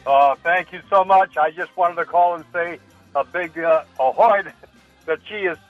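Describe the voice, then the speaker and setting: An older man calling in to a radio show as a first-time caller, speaking politely and deliberately. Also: high-pitched, no room sound, soft background music. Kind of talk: phone-in call. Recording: tinny phone line.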